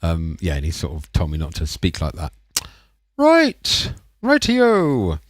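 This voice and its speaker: A man's voice: a bass voice, level tone, a little fast, a little mellow, no echo, studio quality. A man, rambling and chatting casually while making music on a livestream. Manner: rambling, chatty and self-mocking. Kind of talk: casual live-stream chat.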